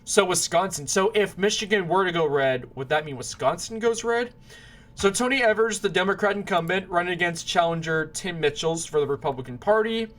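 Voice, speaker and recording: A man talks through his election predictions in a loose, rambling way, his voice sitting a little higher than most men's. He keeps restarting sentences and apologizing whenever he trips over a name. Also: brisk, a bit bright. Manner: rambling, self-correcting, apologetic over names. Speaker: political commentator. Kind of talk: casual predictions monologue.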